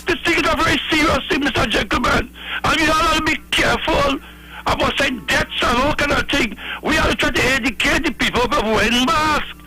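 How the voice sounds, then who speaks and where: A man's voice: extremely high pitch, fairly quick, pushed and bright, poor audio. A man with a Trinidadian accent calling in to a radio show, lecturing another caller and stammering. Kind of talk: call-in radio talk.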